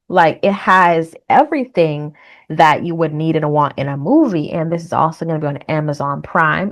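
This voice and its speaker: A woman hosting a casual reaction vlog, chatty, laughing often and repeating herself. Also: on the low side. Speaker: host.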